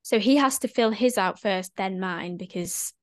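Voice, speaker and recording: A woman appears as a guest on a podcast and casually tells a travel story, animatedly acting out the voices of the people in it. Her voice is mid-pitched at a normal speed, recorded in studio quality with no echo.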